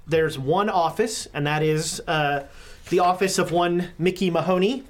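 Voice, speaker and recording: Woman GM, lower voice, halting narration, faint hiss. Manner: halting, lots of fillers. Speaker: game master. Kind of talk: narrating a tabletop game.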